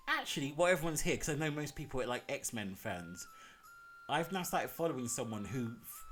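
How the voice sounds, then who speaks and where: A game streamer chatting live with viewers, excitable and rambling, with frequent laughs. The pitch bounces around a lot. Faint game music plays in the background. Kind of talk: casual live-stream chat.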